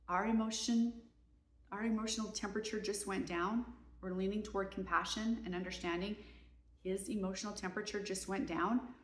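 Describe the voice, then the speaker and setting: A woman's voice: medium pitch, echoey room. A woman, a mother and parenting coach, giving earnest, emphatic advice in a casual talk to camera. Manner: earnest, emphatic, voices kids and parents in quick asides.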